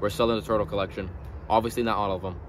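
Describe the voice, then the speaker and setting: A man hosting a casual vlog at his animal ranch, gushing with excitement and at times quietly sad. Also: lowish voice, racing, background noise. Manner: gushing, excitable, swings from loud delight to quiet sadness. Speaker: reptile breeder and channel host. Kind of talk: casual vlog talk to camera.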